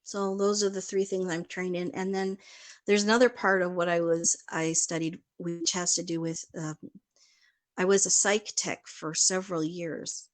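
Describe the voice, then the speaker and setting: A woman's voice: on the low side, little pitch movement, moderate pace. A woman from Chicago chatting casually as a guest, rambling in a stream-of-consciousness way and laughing often. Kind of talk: casual chat.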